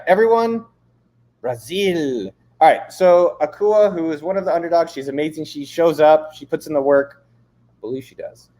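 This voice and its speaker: A man's voice: fairly high pitch, a little mellow. A man hosting a live stream, reading comments aloud and chatting casually with frequent swearing and jokes. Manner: casual, profane, joking, reads chat aloud. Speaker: livestream host. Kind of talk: casual livestream chat. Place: San Diego, California.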